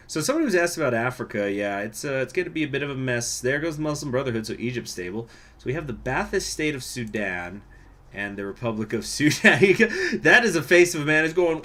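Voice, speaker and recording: A man's voice: medium pitch, expressive, brisk, a bit bright. A man casually commenting on a strategy game during a live stream, laughing often and answering viewers. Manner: chatty, laughs often, reacts to chat.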